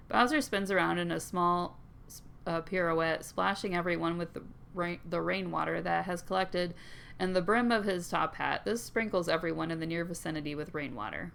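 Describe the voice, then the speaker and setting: A woman reads a visual novel aloud, narrating the scenes and tossing in playful, giggly asides. Her voice sits a little low, with a gravelly fry running through it. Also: moderate pace, a bit bright. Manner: playful, giggly, does voices half-heartedly. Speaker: video game streamer reading a visual novel aloud. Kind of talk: reading game dialogue and narration aloud with commentary.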